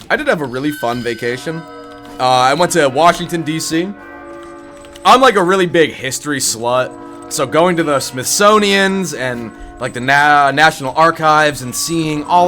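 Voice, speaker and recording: This young man's voice is fairly high and sharp, but stuffed-up and scratchy from congestion. A gaming YouTuber, he rants bluntly and profanely in a casual way before getting into a game build guide.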